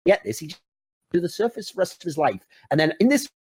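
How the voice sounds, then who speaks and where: A man's voice: high voice, big pitch swings, fairly quick. A man co-hosting a podcast, telling a story in laid-back casual chat. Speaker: podcast co-host.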